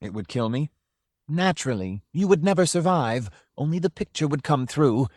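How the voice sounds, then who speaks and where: A man voicing a smooth, snake-like tempter who relishes his words as he coaxes. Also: fairly high pitch, animated, normal speed, darkish tone, dry recording, clean studio sound, voice pushed up. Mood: smooth, tempting. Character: smooth persuasive adult male tempter, snake-like.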